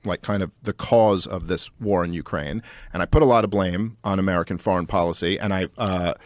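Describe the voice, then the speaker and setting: Animated man with a dry, close sound. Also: low voice, no echo. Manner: fast, animated and full of fillers. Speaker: podcast guest. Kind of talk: casual political talk.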